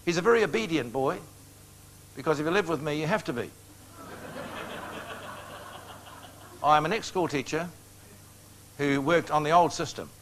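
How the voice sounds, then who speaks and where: An older man delivers a storytelling sermon. His voice sits a little high for a man. He talks in a homely, joking way and chuckles at his own tales. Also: expressive, unhurried, pauses often, slight background noise. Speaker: preacher.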